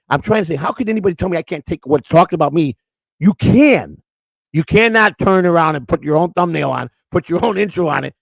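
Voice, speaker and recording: A man's voice: on the high side, creaky, no echo, low-quality recording. A man co-hosting a live-streamed morning show, chatting in a crude, rambling way, repeating words and greeting people in the chat.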